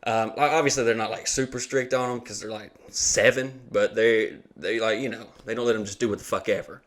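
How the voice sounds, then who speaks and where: A man's voice: lowish voice, fairly quick. Profane man telling stories. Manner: profane, animated, laughs often. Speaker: comedy podcast host. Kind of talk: casual comedic storytelling.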